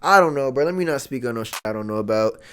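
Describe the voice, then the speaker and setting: A man's voice: mid-range voice, expressive, fast talker, clean tone. Slangy joking young man reviewing a movie. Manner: slangy, joking, swings from loud to mumbling asides. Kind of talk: casual movie review commentary.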